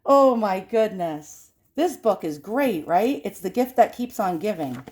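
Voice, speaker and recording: A woman's voice: mid-range voice, animated, slow pace, long pauses, a little mellow. A woman hosting a video, reading old rhyming stories aloud and laughing as she comments on the pictures. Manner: amused, laughs often, exclaims at the pictures. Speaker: video host.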